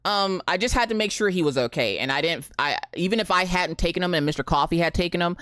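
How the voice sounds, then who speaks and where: A woman's voice: lowish voice, fast talker, dry recording, studio quality. A woman in her thirties chatting casually on a live stream, greeting viewers by name and telling a story. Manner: animated, greets chat by name, Southern "y'all".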